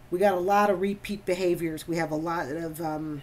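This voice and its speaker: A woman's voice: sits low, fairly quick, a little hiss or hum. A woman hosting a reaction commentary, emphatic and repeating phrases for stress. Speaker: host.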